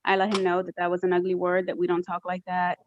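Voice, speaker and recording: A woman testifying as a mother in a courtroom, halting and full of fillers. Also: lowish voice, monotone, lo-fi sound, slight background noise. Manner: hesitant, many fillers. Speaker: witness, respondent mother.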